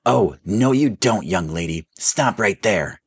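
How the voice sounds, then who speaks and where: A woman's voice: a bass voice, expressive, slow pace, slightly rough, no echo, voice pushed up, exaggerated voice. A man voicing a tough adult female private investigator who barks commands in a raised voice. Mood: commanding. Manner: barking commands.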